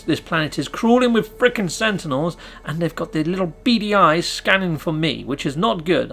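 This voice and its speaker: A British man hosting a gaming channel, giving excitable, chatty gameplay commentary and cheering himself on. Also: a little high, gravelly.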